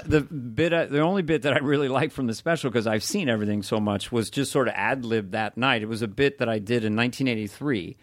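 An older man talks reflectively about his comedy, unhurried and conversational. The sound is dry and close, with no room ring. He slips easily into voices mid-thought. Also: medium pitch, dry recording. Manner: reflective, drifts into impressions. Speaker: comedian guest. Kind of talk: casual chat.

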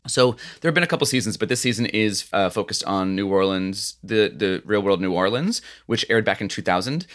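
A man's voice: fairly low pitch, lively intonation, fairly quick, a bit bright. A man in his thirties co-hosting a podcast in casual chat, rambling with many restarts and "you know"s. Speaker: podcast co-host.

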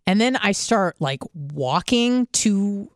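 A young woman telling a story in casual podcast chat, animated and swearing, acting out the people in it. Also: mid-range voice, slow, no echo, studio quality. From California. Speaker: podcast guest.

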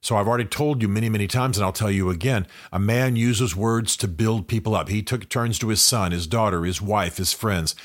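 A man's voice: on the low side, fairly quick, hardly any pauses. An older man and men's ministry leader giving a direct, earnest motivational talk to men.

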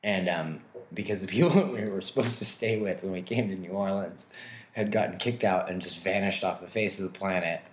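Low-voiced man telling rambling stories. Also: fairly quick, a little hiss or hum. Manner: rambling, self-mocking, laughs often. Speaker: guest comedian. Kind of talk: casual storytelling interview. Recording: roomy echo.

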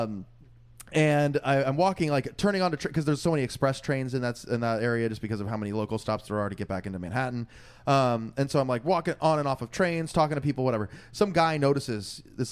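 Young man, podcast co-host, rapid casual storytelling, animated quoted voices. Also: clean tone. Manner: animated, acts out quoted voices with big pitch jumps.

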